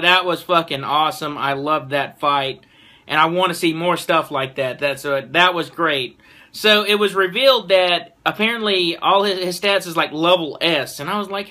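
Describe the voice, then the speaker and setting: A man giving a casual anime episode review, excitable and swearing freely as he retells a fight. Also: a little high.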